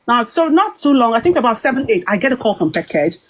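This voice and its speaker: British woman, kinda high voice, retelling a group call drama, quoting everyone, lots of restarts. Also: quick pace, poor audio. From Britain. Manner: animated storytelling, quoting herself and others, frequent restarts. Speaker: guest recounting a dispute. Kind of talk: casual spoken account.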